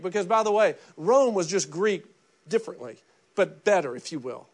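A middle-aged man preaching a sermon in an animated, conversational way, often repeating words and acting out quoted voices. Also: high-pitched, normal speed. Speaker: pastor.

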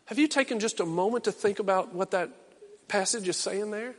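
A middle-aged male pastor preaching a sermon, swinging from loud impassioned calls to low, quiet urging. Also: a little fast, in a large hall.

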